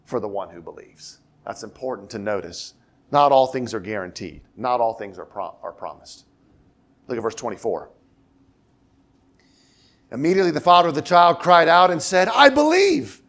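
Lively, gravelly-voiced male pastor preaching. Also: mid-range voice. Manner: slows down and drops to a quiet tone when quoting scripture; explanatory, repeats key phrases for emphasis. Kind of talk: expository sermon.

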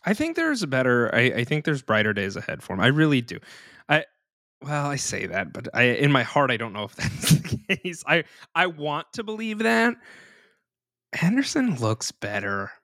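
A man's voice: medium pitch, big pitch swings, normal speed, a bit bright, no room sound, clean studio sound. A man hosting a podcast, talking in a chatty, informal way. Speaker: podcast host. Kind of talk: casual podcast chat.

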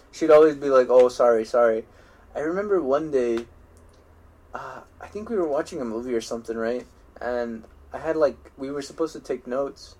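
A young man spins long, looping stories from his school days in a relaxed podcast chat. He keeps starting his sentences over and swears freely. He often breaks into laughter at his own tales. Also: medium pitch. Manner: rambling storytelling with frequent restarts and swearing. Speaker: podcast co-host. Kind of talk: casual chat.

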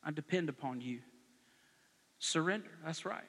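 A man preaches in a high, bright, forceful voice. He moves from easy conversational stories to loud, animated exhortation. His voice rings out with the long reverb of a large church hall. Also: moderate pace. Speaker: pastor. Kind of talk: sermon. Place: church sanctuary.

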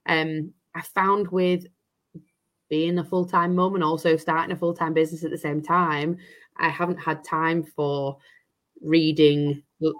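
A woman's voice: low-pitched, level tone, measured pace. A woman, an estate agent, chatting as an interview guest, rambling with many restarts and fillers. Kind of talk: casual interview chat.

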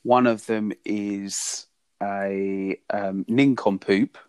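Low-voiced English man, dry close sound. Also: fairly even intonation, extremely slow, darkish tone, smooth, dry recording. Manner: easygoing, rambling with fillers, teasing. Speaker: podcast co-host. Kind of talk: casual chat.

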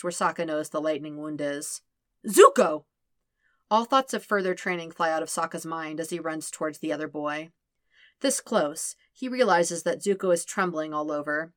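Low-voiced woman reading a story. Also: a bit bright, no echo, clean studio sound. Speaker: podfic reader. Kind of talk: scripted narration of fan fiction.

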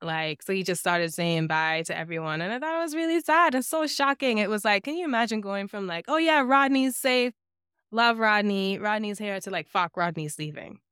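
Smooth-voiced young woman, quick reactions. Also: medium pitch, a bit bright, no room sound, clean studio sound. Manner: agreeable, backchannels and quick reactions. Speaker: podcast co-host. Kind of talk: casual chat recapping a reality show.

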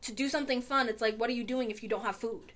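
A young woman co-hosting a casual chat, animated and laughing often, slipping into Spanish phrases. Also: fairly high pitch, fast talker. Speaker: podcast co-host.

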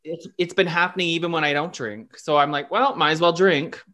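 A podcast co-host chats casually, spinning rambling personal stories with playful self-deprecation and frequent laughter. His voice sits a little high, with fairly even intonation, a brisk pace and a sharp tone.

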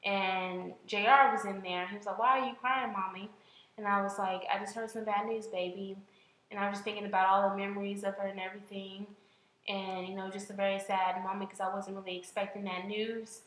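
A woman's voice: medium pitch, little pitch movement, fairly quick, a bit bright, roomy sound, low-quality recording. A young woman co-hosting a casual chat, talking at length with many fillers and restarts. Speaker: podcast co-host.

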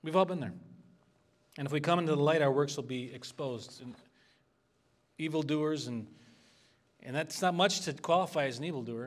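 A man preaching an expository sermon as a pastor, earnest and conversational, asking the congregation for responses. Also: mid-range voice.

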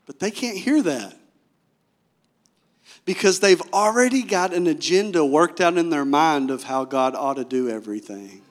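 Male pastor, sermon, animated storytelling, high voice, asks the room questions. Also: normal speed.

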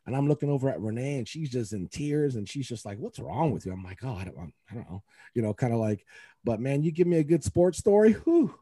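Dark, husky-voiced man rambling emotionally. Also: mid-range voice, big pitch swings, fairly quick, no room sound. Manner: rambling, emotional, many fillers and restarts. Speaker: youth basketball coach, podcast co-host. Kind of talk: casual podcast chat.

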